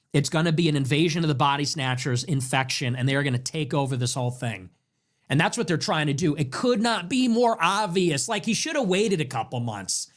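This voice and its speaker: A man hosting a political commentary show, talking in an emphatic, sarcastic and mocking way with lots of repetition. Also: high voice. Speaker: show host.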